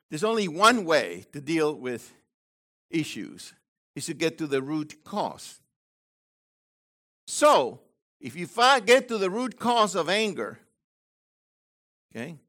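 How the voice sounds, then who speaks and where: A man preaching a sermon to his congregation, swinging between loud, emphatic lines and quiet asides, with frequent digressions and restarts. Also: medium pitch. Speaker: messianic congregation leader.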